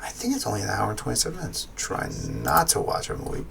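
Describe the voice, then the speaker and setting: A man's voice: medium pitch, huge pitch swings, fast talker, creaky, noisy background. A man giving a casual spoken film review, rambling and correcting himself as he thinks aloud.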